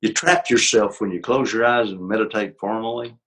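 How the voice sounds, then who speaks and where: An older man, a psychologist and author, talking as an interview guest in a gentle, reflective way with easy laughs. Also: fairly low pitch, steady tone, brisk, low-quality recording. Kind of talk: conversational interview.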